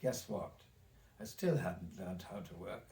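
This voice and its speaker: An elderly man in his eighties with a German accent recalls his life for a recorded oral history, his low, warm voice animated yet unhurried. He rambles, restarting sentences and repeating words. The mic sits far from him in an echoey room, so he sounds distant.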